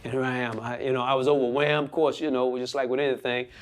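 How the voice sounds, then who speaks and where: A man's voice: mid-range voice, quick pace. Earnest man telling his story. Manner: earnest, animated, acts out quoted speech. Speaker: pastor and guest. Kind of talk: emotional personal storytelling.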